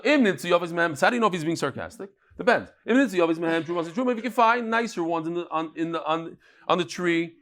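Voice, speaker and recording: A man, teaching a daily Talmud class in a lively, joking way, acting out the quotes he reads. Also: sits high.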